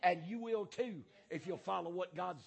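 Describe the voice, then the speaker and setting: Fiery raspy preacher man. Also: high-pitched, normal speed. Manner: fiery preaching with repetition and frequent "uh" and "um". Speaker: pastor. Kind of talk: sermon.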